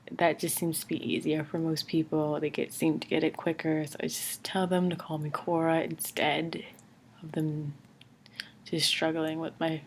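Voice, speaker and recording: A woman's voice: low voice, slight background noise. A young woman from Brooklyn, a college student chatting casually in her dorm room for a vlog, hesitant with many fillers. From Brooklyn, New York. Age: young adult. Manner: relaxed, hesitant with many ums and likes. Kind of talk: casual accent challenge vlog.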